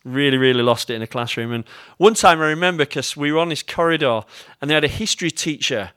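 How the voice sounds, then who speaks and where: A man's voice: fairly high pitch, fast, fairly bright tone, smooth, dry recording, clean studio sound. A man with an English accent preaching a sermon as pastor. He tells stories with self-mocking humour and talks directly to his congregation.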